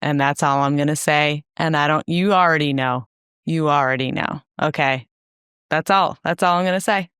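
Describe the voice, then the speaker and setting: A woman's voice: low-pitched, moderate pace, a bit bright, clean tone, no echo, clean studio sound. A young woman co-hosting a podcast, chatting casually with playful, teasing banter. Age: young adult. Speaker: podcast co-host. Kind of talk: casual chat.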